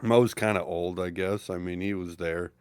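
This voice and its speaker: A man on a podcast making deadpan, dark jokes in casual banter. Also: sits low, normal speed, smooth, no room sound, studio quality. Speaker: podcast co-host.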